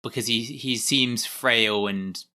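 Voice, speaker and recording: Bright, chatty male podcast co-host. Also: mid-range voice, slow. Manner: chatty, laughing, lots of "like". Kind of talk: casual chat reviewing a film.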